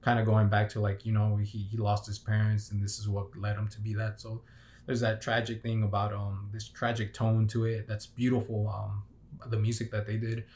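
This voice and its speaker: A man's voice: on the low side, completely flat delivery, normal speed, darkish tone. A young man giving a casual, unscripted movie review, rambling with many fillers and restarts. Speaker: film reviewer.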